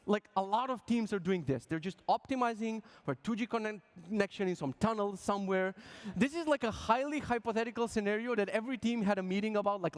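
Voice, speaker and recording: A man with a fairly high voice gives a humorous talk on stage at a conference. He jokes with the crowd, swears casually, and acts out little quoted voices as he goes. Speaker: conference speaker.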